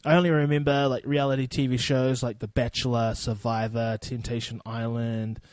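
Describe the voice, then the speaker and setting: A man's voice: mid-range voice, little pitch movement, normal speed, darkish tone, dry recording. A young man in his twenties with a New Zealand accent, hosting a casual solo podcast in a loose, profane, rambling way. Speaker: podcast host.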